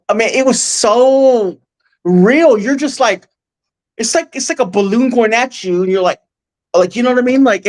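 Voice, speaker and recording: Man, earnest, emotional, halting speech, lots of restarts, close mic. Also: high-pitched. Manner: halting, full of restarts and fillers. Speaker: guest. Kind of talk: casual personal storytelling. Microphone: close podcast mic.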